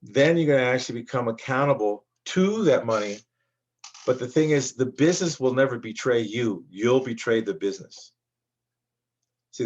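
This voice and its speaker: A man's voice: medium pitch, highs cut off. A man coaching on business credit in a rambling motivational monologue, full of restarts and repeats. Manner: rambling, repetitive, with many restarts.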